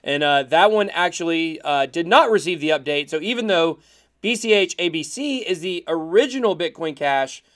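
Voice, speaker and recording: A man co-hosts a podcast in a casual, excitable way and laughs easily. His voice sits a little higher than most men's, and he explains topics at length. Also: normal speed. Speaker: podcast co-host. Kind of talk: casual chat.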